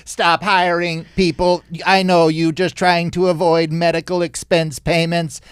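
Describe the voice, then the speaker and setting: A man's voice: fairly high pitch, level tone, slow pace, clear, resonant tone, no room sound, studio quality, voice pushed up. A man voicing a complaining alien co-worker in a raised, griping voice.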